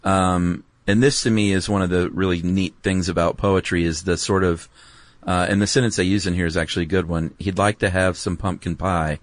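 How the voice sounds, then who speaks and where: A man's voice: low voice, steady tone, fairly quick, dry recording. A man co-hosting a podcast, chatting casually and playfully, keen on the details of the topic. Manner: enthusiastic about details, playful asides. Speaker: podcast co-host. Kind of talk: casual explanatory chat.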